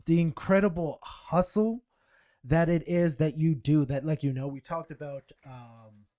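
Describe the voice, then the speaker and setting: A man hosting a podcast, speaking in a halting, filler-heavy way during a casual conversation. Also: fairly high pitch, steady tone, warm tone. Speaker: podcast host.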